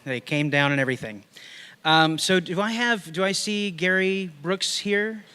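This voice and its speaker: A man speaking at a live event, relaxed and chatty as he thanks supporters and introduces the next speaker. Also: high-pitched, unhurried, clear, resonant tone, big-room sound. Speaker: event organizer.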